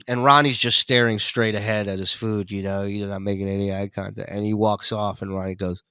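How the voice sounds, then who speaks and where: Casting: male podcast guest, animated raunchy storyteller, dead-dry studio sound. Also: lowish voice, fairly quick, hardly any pauses, clean tone, no echo. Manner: animated, profane, laughs while telling stories. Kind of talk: casual storytelling.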